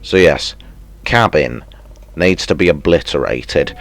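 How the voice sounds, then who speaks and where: A man playing a video game and commenting as he goes, muttering to himself, then bursting into yelps and shouts of excitement. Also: deep voice, measured pace, soft background music. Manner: excitable, self-mocking, sudden yelps and mutters. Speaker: gaming streamer. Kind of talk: let's play commentary.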